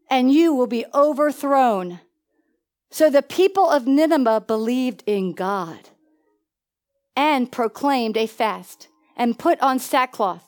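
A woman preaching a sermon in an animated way, with laughing asides and questions to the congregation. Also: high voice.

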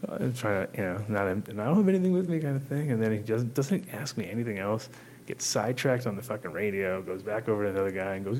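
A man's voice: on the low side, fast talker, a little mellow, a little hiss or hum. A man from New York telling a profane, laughing story in a casual podcast chat, acting out the people in it. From New York, USA.

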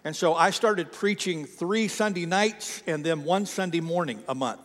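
A man's voice: fairly high pitch, moderate pace, fairly bright tone, in a large hall. A middle-aged man in his fifties preaching a sermon, chatty and self-deprecating as he tells a story from his early ministry. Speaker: pastor. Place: church sanctuary.

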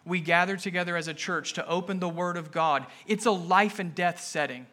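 A male pastor preaching an emphatic sermon to his congregation, repeating key phrases and rising to forceful peaks. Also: high-pitched, a little fast, few pauses. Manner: emphatic, building to raised intensity.

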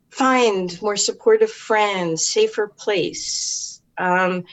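A woman speaking as an interview guest and author, earnest and reflective, often pausing to search for words. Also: mid-range voice, dull audio. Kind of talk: casual interview.

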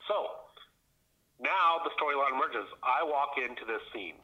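A middle-aged man from Canada telling a story on a podcast, animated and laughing often as he acts out the voices of people in it. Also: medium pitch, moderate pace, dull audio. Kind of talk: casual storytelling chat.

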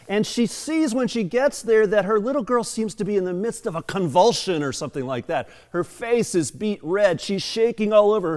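Man, pastor, sermon in a church, fairly high voice, lively swinging pitch, long hall echo. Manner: storytelling, chatty asides with fillers. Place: church sanctuary.

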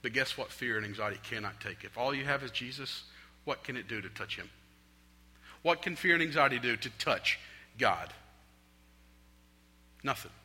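A young adult man preaching a sermon from a stage, swinging between loud appeals and hushed, prayerful lines. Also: mid-range voice, animated, normal speed, pauses often, slightly rough. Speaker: pastor. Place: stage in a large hall. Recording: long hall reverb.

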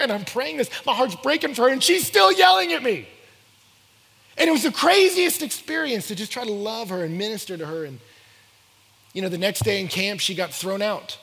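A man preaching a sermon, telling stories and acting out dialogue in an animated way. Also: high voice, breathy edge. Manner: animated, acts out dialogue in voices. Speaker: pastor. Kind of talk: sermon with storytelling. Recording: long hall reverb.

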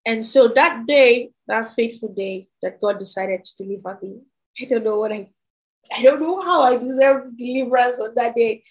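A young woman with a rather high voice preaches and shares her testimony in an earnest, emphatic sermon, often repeating her phrases. The recording is rough.

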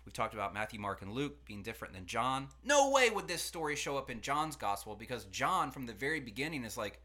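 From a studio, a pastor and podcast host leads a casual teaching conversation in a bright, clear, medium-pitched voice. He explains ideas in a chatty, animated way, slipping into quick acted-out quotes.

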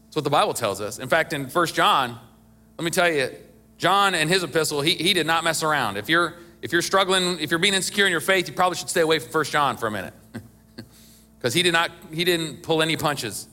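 A middle-aged male pastor preaching in a bright, forceful voice that sits a little high for a man. He talks to the congregation in a chatty, conversational way, then leans hard into emphatic lines. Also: a little fast. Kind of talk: sermon.

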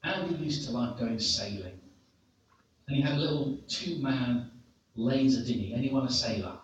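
A middle-aged man from England giving a sermon as a preacher, telling a story with lively, self-mocking humor. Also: medium pitch, normal speed, a little hiss or hum. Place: church hall. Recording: very echoey hall, distant dull mic.

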